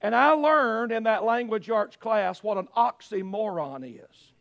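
A man, a pastor, preaching a sermon at a church service. His delivery is dramatic, swinging from loud cries to hushed, low phrases. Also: a little slow, vocal fry, dry recording, dull audio.

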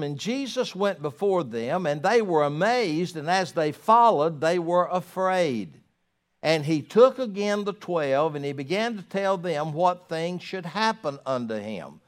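A man preaching a sermon as pastor to his congregation in church, emphatic, swinging between loud rises and quiet drops. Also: fairly high pitch. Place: church sanctuary.

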